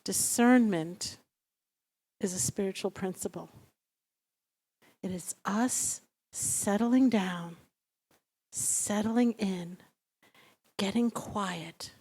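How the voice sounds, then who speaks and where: A middle-aged woman rabbi giving a storytelling sermon in a synagogue, speaking slowly and in a measured way and sometimes dropping to a near-whisper. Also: medium pitch, husky. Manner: acts out the dialogue of her story; slow, measured teaching with soft near-whispers. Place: synagogue sanctuary. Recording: long reverb of a large hall.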